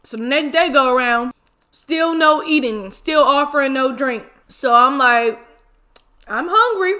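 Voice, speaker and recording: A woman in her twenties telling a story casually while eating, animated and full of slang and exclamations. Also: high-pitched, measured pace. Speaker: mukbang vlogger.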